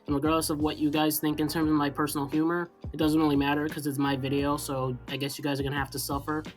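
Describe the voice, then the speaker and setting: A man's voice: a little high, monotone, fast talker, faint music behind. A young man telling a story in a rambling, sarcastic way, full of fillers. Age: young adult. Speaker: storytime vlogger. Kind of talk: casual storytelling.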